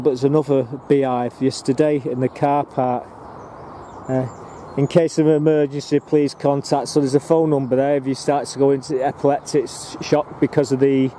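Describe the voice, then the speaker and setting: A man with a warm, mid-range voice gives a rambling, casual walk-and-talk tour of his allotments, full of ums and restarts. It's filmed outdoors on a handheld camera, with a little hiss or hum in the audio.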